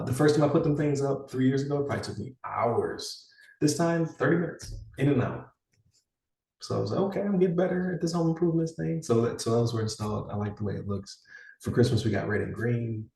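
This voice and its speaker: A man's voice: mid-range voice, a little fast, creaky, darkish tone, recorded from a distance. A man in his forties, co-hosting a podcast in rambling casual chat with many fillers and restarts. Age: 40s. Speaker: podcast co-host. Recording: echoey room, somewhat off-mic.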